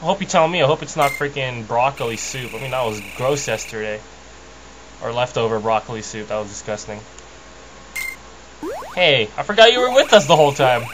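A man's voice: lively intonation, brisk, pauses often, noisy background. A young man casually commentating a video game, rambling and joking as he mocks the characters. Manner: rambling, jokey, mocks characters in squeaky put-on voices. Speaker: let's play commentator. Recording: game music underneath.

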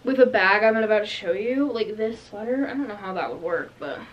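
A woman's voice: mid-range voice, lively intonation, fairly quick, muffled recording, slight background noise. A teenage girl doing a casual clothing haul, rambling and chatty, full of "like" and "um". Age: teens. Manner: bubbly, rambling, lots of "like" and "um". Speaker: vlogger.

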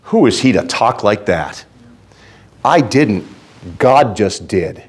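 A fervent male preacher with a fairly low voice delivers a folksy sermon. He swings from quiet, low asides to loud, urgent exhortation. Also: expressive, takes it slowly. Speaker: pastor.

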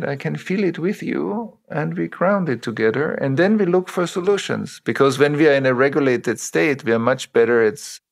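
Middle-aged male guest, mid-pitched, measured and reflective; draws on personal examples. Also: gravelly. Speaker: interview guest, trauma teacher. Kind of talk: reflective interview talk.

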